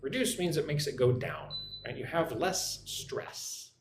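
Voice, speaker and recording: A young American man teaching English on a live stream, chatting with viewers and repeating phrases slowly for practice. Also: fairly high pitch, expressive. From United States. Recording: echoey room with faint noise.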